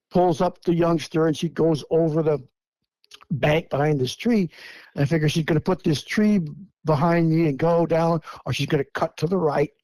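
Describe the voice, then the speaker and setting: A man's voice: fairly high pitch, a little mellow, no echo. Older man telling a story, dry sound. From Washington State, US. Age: 70s. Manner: vivid step-by-step retelling, acting out quoted lines. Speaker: guest eyewitness. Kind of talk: first-person storytelling.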